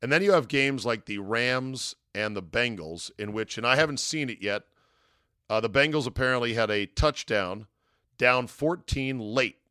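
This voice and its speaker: A man's voice: medium pitch, sharp tone, no echo, clean studio sound. A man hosting a sports talk podcast, giving a casual monologue with wry, sarcastic asides from a hotel room.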